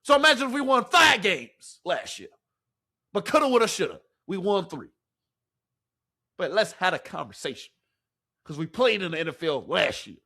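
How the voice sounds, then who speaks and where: Brief: man, heated fan-commentary host, expressive high voice, profane rhetorical ranting. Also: moderate pace, gravelly, long pauses. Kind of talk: fan reaction rant.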